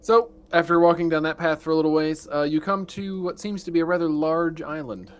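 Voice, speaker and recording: Joking game master, slightly high voice. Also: male voice, fairly quick, smooth. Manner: relaxed, joking, filler-heavy narration. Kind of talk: narrating a tabletop game.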